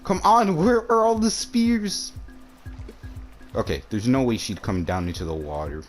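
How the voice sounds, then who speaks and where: A man giving excitable commentary while playing a game, swearing and joking at the creatures and jumping from calm mutters to shrieking yells. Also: mid-range voice, measured pace, music in the background. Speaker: gameplay commentator.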